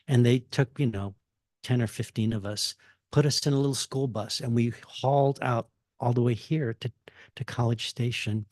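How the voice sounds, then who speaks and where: A man's voice: mid-range voice, a little mellow, no echo, clean studio sound. A man in his sixties from Texas, giving a casual university talk full of fillers, restarts and chuckles. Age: 60s. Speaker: guest speaker. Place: lecture hall.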